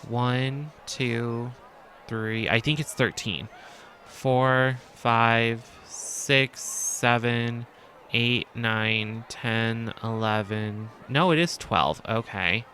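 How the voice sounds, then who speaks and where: Man, let's-play host, slow thinking-aloud commentary with hesitant ums, bright tone. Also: medium pitch, slight background noise. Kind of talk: casual gameplay commentary.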